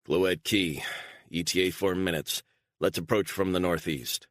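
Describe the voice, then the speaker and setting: A man as a brisk pursuit leader. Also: sits low, steady tone, a bit bright, dry recording, studio quality. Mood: commanding. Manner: brisk, commanding.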